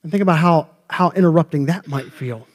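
A man's voice: a little high, fairly quick. A man pastor preaching a sermon in a church, talking conversationally and joking with the congregation. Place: church sanctuary.

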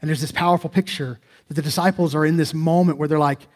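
Male pastor, slightly raised pitch; earnest, conversational sermon delivery with rhetorical questions. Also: steady tone, fast, hardly any pauses.

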